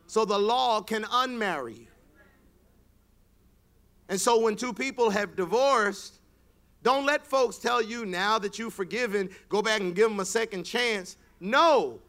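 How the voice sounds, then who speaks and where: A male preacher giving a sermon, reading scripture aloud and rising to loud, emphatic passages. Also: high-pitched, measured pace.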